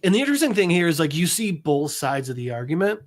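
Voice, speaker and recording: A man in his thirties chats casually on a podcast as he retells a comic book. He slips into quick voices for each character and laughs often, keeping it loose and conversational. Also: a little high, very animated. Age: 30s. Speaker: podcast co-host.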